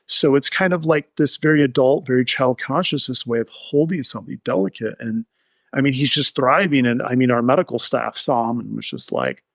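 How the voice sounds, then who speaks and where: A man's voice: medium pitch, fairly quick, creaky, dry recording. A man being interviewed, telling a client's recovery story in an earnest, heartfelt, rambling way. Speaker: addiction therapist, guest.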